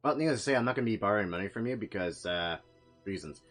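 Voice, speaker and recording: A man at a tabletop game talks casually, swearing in exasperation. His pitch jumps around a lot, and faint music plays behind him. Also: animated, racing, fairly bright tone. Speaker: player.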